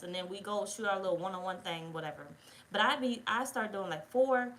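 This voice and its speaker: A woman's voice: a little high, fairly bright tone, poor audio. A woman telling a rambling story time in casual chat, blunt and full of swearing. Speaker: tarot reader.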